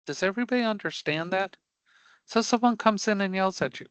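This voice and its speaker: A man's voice: high-pitched, brisk, bright, forceful tone, smooth, no room sound, low-quality recording. A man teaching a live online career prep class, speaking emphatically and bluntly, often stopping to ask the class if they follow. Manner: emphatic, checks in with frequent rhetorical questions; blunt and dismissive of angry customers.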